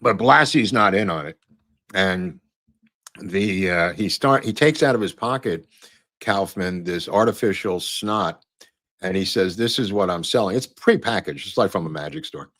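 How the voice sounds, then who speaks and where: Man, low voice, casual podcast host, rambling, lots of fillers, dry recording. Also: animated, a little slow, a bit bright, dry recording. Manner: rambling, many fillers and restarts. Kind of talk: casual commentary over photos and clips.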